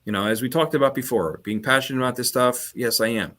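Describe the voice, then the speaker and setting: Here the man's voice is medium in pitch, fast, and slightly bright. As a guest HVAC trainer on a laid-back podcast conducted over video call, he wanders through his points, often restarting sentences and repeating words.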